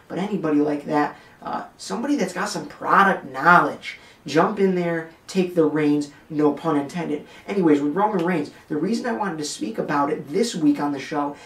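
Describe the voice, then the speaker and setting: A man's voice: fairly high pitch, a bit bright, echoey room, recorded from a distance. A man hosting a wrestling podcast, giving blunt, joking commentary straight to his listeners. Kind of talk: opinionated commentary rant.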